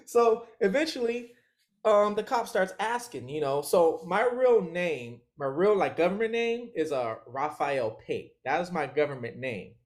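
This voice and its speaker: A man's voice: fairly high pitch, lively intonation, normal speed, hardly any pauses. A man as an interview guest, telling a story in casual chat. He talks with animation, laughs often and acts out other people's lines.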